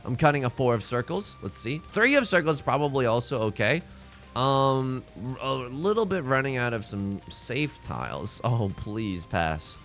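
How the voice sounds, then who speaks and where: A man's voice: medium pitch, big pitch swings, moderate pace, fairly bright tone, soft background music. A young man hosting a let's play, giving casual, jokey commentary on his game and talking to the opponents on screen.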